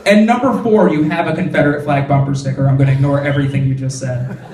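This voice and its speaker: A man's voice: medium pitch, steady tone, fast, a little mellow, echoey room, distant mic. A young man performing a stand-up comedy set on a club stage, talking conversationally with lots of "like" fillers and punchy punchlines.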